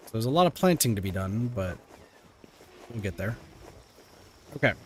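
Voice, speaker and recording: A man's voice: on the low side, big pitch swings, normal speed, slight background noise. A man streaming a game, chatting casually and thinking aloud as he plays, with loose fillers. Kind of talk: casual gameplay commentary.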